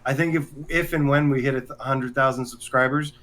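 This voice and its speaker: A man's voice: medium pitch, fairly even intonation, a little fast, fairly bright tone, a little hiss or hum. A man co-hosting a casual podcast chat, speaking hesitantly with many ums and uhs. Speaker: podcast co-host.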